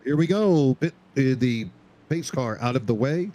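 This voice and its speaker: A man doing play-by-play commentary for a sim racing broadcast with quick, excited race calls. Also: mid-range voice, rough recording.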